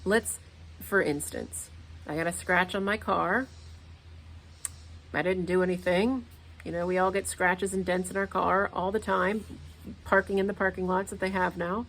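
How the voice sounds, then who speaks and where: A woman's voice: lowish voice, fairly even intonation, moderate pace, pauses often, a bit bright, a little hiss or hum. A woman in her thirties hosting a casual motivational talk, earnest and repeating her points for emphasis. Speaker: podcast host.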